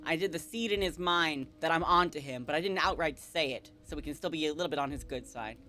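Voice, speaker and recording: A woman's voice: low-pitched, quick pace, bright, forceful tone, faint music behind. A woman livestreaming a game in a casual, chatty way, giggling often and reading dialogue aloud. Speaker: streamer. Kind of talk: casual live game stream.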